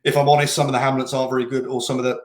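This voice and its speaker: A man's voice: medium pitch, flat delivery, racing. Interview guest, male race director, rambling storyteller, echoey room. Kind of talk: casual interview chat. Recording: roomy echoing room.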